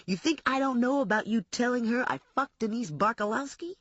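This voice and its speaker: A woman reading as a menacing young male fugitive, taunting and slow, his voice dropped low and sneering. The sound is a touch muffled, close and dead dry. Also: lively intonation, fairly bright tone, dry recording.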